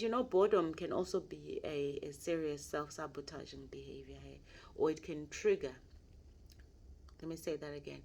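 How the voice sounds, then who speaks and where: A woman's voice: low-pitched, a little mellow. A woman mentor giving a motivational mentorship talk, earnest and repeating her key points for emphasis. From South Africa. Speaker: mentor and life coach.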